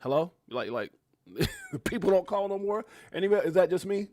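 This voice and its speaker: A middle-aged man hosting a crypto livestream, excitable and hyped, jumping between loud outbursts and muttered asides. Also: high-pitched, moderate pace, dry recording, clean studio sound. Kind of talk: animated casual livestream commentary.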